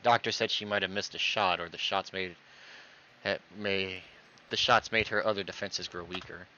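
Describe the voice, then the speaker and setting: A man's voice: deep voice, fairly even intonation, moderate pace, sharp tone, slight background noise. A man reading visual novel dialogue aloud, voicing every character himself and acting out the stammers. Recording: dull lo-fi recording.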